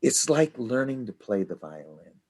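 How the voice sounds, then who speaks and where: An older man leading a study group discussion, rambling and halting with many restarts. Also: medium pitch, very animated, a little mellow, slightly rough.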